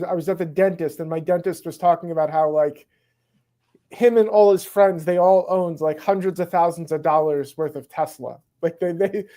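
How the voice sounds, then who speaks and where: A man interviewing a guest in casual conversation, quick and easygoing, sometimes tripping over his words. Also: high-pitched, mellow.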